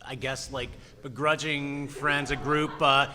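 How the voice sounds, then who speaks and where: Casual rambling voice actor on a panel. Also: male voice, mid-range voice, little pitch movement, unhurried, bright, forceful tone. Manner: rambling, casual, laughing asides. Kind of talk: convention panel talk. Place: convention panel room. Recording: reverberant hall.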